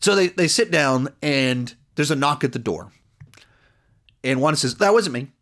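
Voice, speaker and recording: A man's voice: medium pitch, measured pace, a bit bright. A man giving a casual spoken review of a TV episode, rambling through the plot with lots of "like" and "you know" and acting out the characters' lines. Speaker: TV series reviewer.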